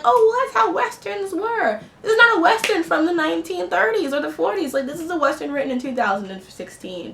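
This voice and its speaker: A woman with a fairly high voice delivers a blunt, impassioned film review. She sounds indignant and talks casually. Her voice rings in an echoey room over a faint background hiss. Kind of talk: opinionated spoken film review.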